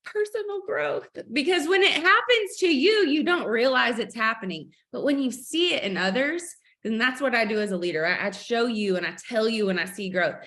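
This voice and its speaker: A woman's voice: on the high side, animated, fairly quick, hardly any pauses, a bit bright. A woman hosting a sales team video call, upbeat and preachy, acting out family stories as she motivates her team.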